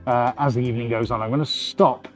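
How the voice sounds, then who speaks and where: A man's voice: medium pitch, fairly even intonation, fast, faint music behind. A man hosting his weekly art live stream from his studio, with chatty, upbeat showman patter. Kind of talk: casual live-stream chat.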